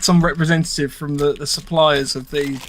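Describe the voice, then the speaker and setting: High-voiced man teasing on a podcast. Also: steady tone, normal speed, a little hiss or hum. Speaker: podcast host. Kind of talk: casual chat.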